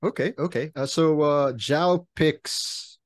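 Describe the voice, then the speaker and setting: A man co-hosting a casual panel podcast, enthusiastic and quick to laugh. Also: a little high, dry recording, studio quality. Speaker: podcast co-host.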